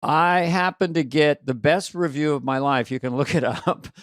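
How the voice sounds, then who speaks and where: A man's voice: a little high, moderate pace, fairly bright tone, no echo, studio quality. An older man co-hosting a comedy podcast, chatting casually and playfully, laughing often at his own jokes. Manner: playful, laughing, self-deprecating. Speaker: podcast co-host.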